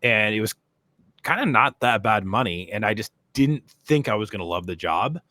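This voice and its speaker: Low-pitched male podcast co-host, casual rambling anecdotes, dry studio sound. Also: expressive, moderate pace, pushed and bright, no echo. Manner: rambling storyteller, many fillers. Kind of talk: casual chat.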